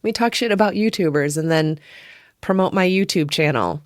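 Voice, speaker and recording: A woman's voice: lowish voice, moderate pace, dry recording, clean studio sound. A woman hosting her own podcast, giving a casual, rambling film review with frequent chuckles and self-deprecating asides. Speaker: podcast host.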